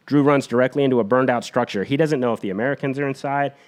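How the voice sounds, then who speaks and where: A man on a podcast retelling a war story in an energetic, blunt, profane way. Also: medium pitch, fast.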